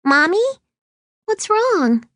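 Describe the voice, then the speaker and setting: A woman reading an audiobook, voicing a small frightened little girl who talks in a high, worried voice. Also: big pitch swings, drawn-out words, a bit bright, no echo, clean studio sound, heavily acted. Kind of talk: audiobook character voice.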